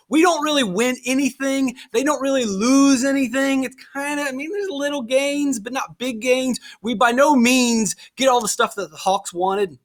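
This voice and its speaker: A man teaching a history lesson in a casual, animated way, often acting out quoted voices. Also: very high-pitched, fairly quick, few pauses. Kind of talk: casual lecture.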